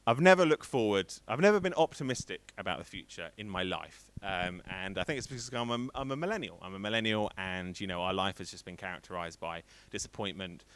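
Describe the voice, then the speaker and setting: A man's voice: low-pitched, expressive, fairly quick, hardly any pauses, fairly bright tone, clean tone. A man in his thirties doing a rambling, self-deprecating stand-up set on a stream. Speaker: stand-up comedian.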